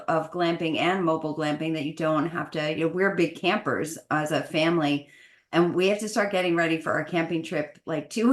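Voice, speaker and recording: An American woman, a guest talking casually and at length, full of fillers and laughs. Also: on the low side. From United States. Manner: talkative, many fillers, laughs often. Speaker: guest, glamping business owner. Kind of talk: casual interview. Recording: roomy echo.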